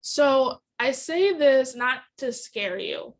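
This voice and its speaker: High-voiced woman telling a personal story. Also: animated, slow pace. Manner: earnest, emotional, candid, with many restarts. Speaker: podcast host.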